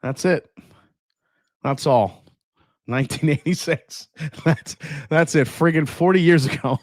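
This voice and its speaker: A man's voice: a little high, unhurried, long pauses, dry recording, studio quality. A man hosting a casual live stream, chatting loosely and laughing as he reads viewer comments aloud. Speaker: whiskey livestream host.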